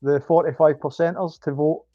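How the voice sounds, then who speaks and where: A Scottish man chatting casually as a guest, talking in halting bursts with many ums and restarts. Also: fairly high pitch, fairly even intonation, no room sound, dull audio. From Scotland. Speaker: podcast guest. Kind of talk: casual chat.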